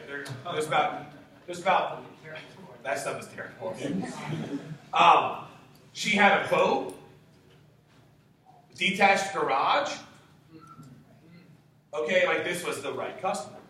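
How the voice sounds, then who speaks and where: A high-energy young man, a sales trainer, tells stories to a room of reps with a fairly high, bright voice. He sounds far from the mic in a strongly echoing room, with a faint hiss behind him. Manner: enthusiastic, high-energy storytelling. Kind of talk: motivational talk to a room. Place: meeting room.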